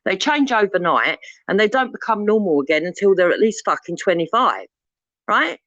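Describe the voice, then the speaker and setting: A woman's voice: mid-range voice, animated, normal speed, a bit bright, dry recording, dull audio. A woman, debating bluntly on a live stream, lecturing and swearing freely. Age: 50s.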